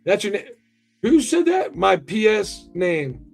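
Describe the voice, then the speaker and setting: Faint music runs behind this American livestream host, whose creaky voice sits high and is very animated yet slow-paced. He talks to his chat in a loose, rambling way, swearing a lot.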